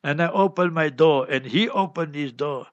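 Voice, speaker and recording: High-voiced imam telling a story. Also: male voice, moderate pace, no echo, highs cut off. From South Africa. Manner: chatty, tag questions like "you know". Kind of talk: storytelling in a Q&A talk.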